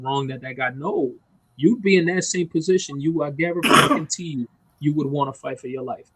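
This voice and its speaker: Man, podcast chat, emphatic profane rant, slightly high voice, dry close sound. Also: a bit bright, husky, no room sound, rough recording. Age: adult parent. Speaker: podcast co-host. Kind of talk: heated casual chat.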